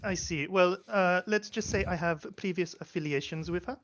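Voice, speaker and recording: Guy doing a prim formal lady in a tabletop game, bright-ish tone, dull lo-fi mic. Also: high voice, moderate pace. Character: prim woman with a mild French touch.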